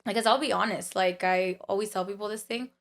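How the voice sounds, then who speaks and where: Joven con voz rasposa contando historias. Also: female voice, mid-range voice, fairly even intonation, fast talker. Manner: storytelling with many fillers and quoted voices. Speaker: podcast guest. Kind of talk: casual chat.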